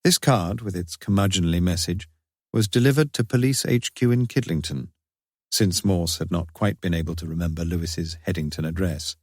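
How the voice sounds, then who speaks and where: A man narrating a mystery story in a measured, even storytelling manner. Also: low-pitched, no echo, clean studio sound. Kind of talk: audiobook narration.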